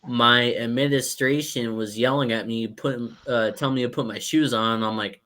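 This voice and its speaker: A man's voice: mid-range voice, normal speed, hardly any pauses. A man on an open talk panel in casual chat, telling school anecdotes and acting out what people said. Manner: animated anecdote-telling with acted-out quotes.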